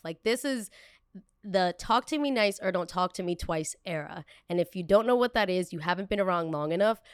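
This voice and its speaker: A young woman with a fairly low voice tells a story on her podcast. She is blunt and emphatic and acts out what people said. The recording is dry and close, with no room sound. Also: clean tone, no echo. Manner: emphatic, animated, acts out quoted dialogue; blunt, self-aware. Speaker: podcast host.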